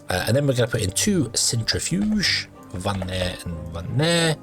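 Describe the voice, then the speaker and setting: A deep-voiced man chatting his way through a building game, wandering from thought to thought with plenty of ums and restarts. Quiet music plays behind his voice. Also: sing-song, normal speed. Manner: rambling, self-correcting, many ums and uhs. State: has the hiccups. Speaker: gaming video host. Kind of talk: casual gameplay commentary.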